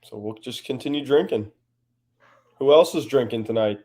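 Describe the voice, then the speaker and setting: A man's voice: mid-range voice, normal speed, mellow. A man as a guest on a livestream, chatting casually and reading viewer comments, laughing often and joking.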